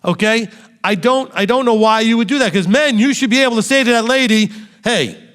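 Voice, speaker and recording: A man's voice: extremely high pitch, fast talker, fairly bright tone, clean tone. A male rabbi preaching a sermon, speaking animatedly and putting direct rhetorical questions to his congregation. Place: meeting room with a congregation. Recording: long reverb in a hall.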